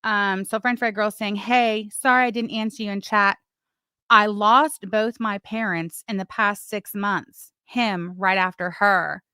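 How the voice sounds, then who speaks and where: A woman's voice: medium pitch, steady tone, a little slow, pushed and bright, smooth, dry recording, clean studio sound. Sarcastic chatty woman livestreamer. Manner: chatty, sarcastic, talks to chat while doing other things. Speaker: livestream host. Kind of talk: casual livestream commentary.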